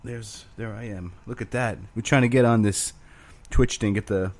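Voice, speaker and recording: A man's voice: lowish voice, steady tone, moderate pace, few pauses, a little mellow. A man hosting his own show alone, rambling crudely with self-mocking humor. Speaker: podcast host. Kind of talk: casual solo rambling.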